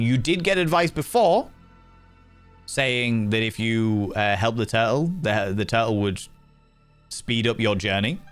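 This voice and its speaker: A man narrating as game master for a streamed tabletop game, unhurried and dotted with fillers. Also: medium pitch.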